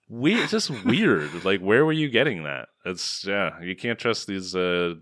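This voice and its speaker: Male podcast co-host, sarcastic, laughs a lot, animated delivery, dry close sound. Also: deep voice, unhurried, no echo. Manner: sarcastic, laughs often, trails off quietly. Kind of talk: casual film-review chat.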